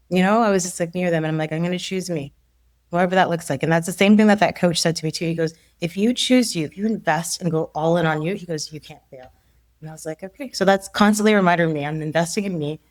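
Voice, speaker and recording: Woman, forties, coach, lowish voice, dry close sound, animated storytelling, laughs often. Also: no echo. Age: 40s. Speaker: leadership coach, podcast guest. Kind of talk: casual interview conversation.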